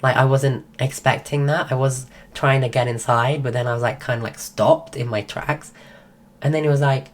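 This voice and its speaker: A woman's voice: extremely low pitch, steady tone, moderate pace. A woman streamer telling a rambling story in a casual way while sick and losing her voice. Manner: rambling, full of "like" and restarts. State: sick, voice going.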